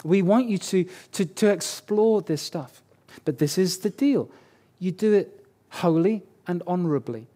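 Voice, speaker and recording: A man with a fairly high voice preaches to his church in a relaxed, talky way. He slips in jokes and leans on repeated words to drive his points home. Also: a little slow. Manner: conversational and joking, repeats key words for emphasis. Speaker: pastor. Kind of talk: sermon.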